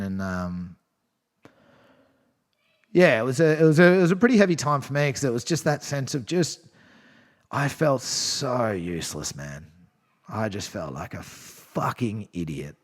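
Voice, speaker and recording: A man in his thirties chats loosely as a podcast guest, full of fillers, false starts and casual swearing. His voice sits at an ordinary middle pitch. A long reverb trails each phrase, as if he were recorded in a large hall. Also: lively intonation, normal speed. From Australia. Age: 30s. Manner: candid and rambling, swears freely, many fillers and restarts. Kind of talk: casual storytelling chat.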